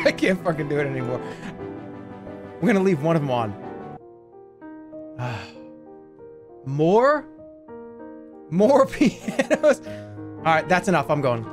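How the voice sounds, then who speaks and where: A man streaming from his room at home, chatting casually in a joking, excitable way with sudden loud outbursts. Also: on the high side, a little slow, pauses often, over music. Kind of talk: casual live-stream chat.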